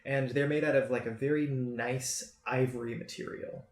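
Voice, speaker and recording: A man narrating as game master of a tabletop game, relaxed and easygoing. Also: medium pitch, normal speed. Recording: roomy echo.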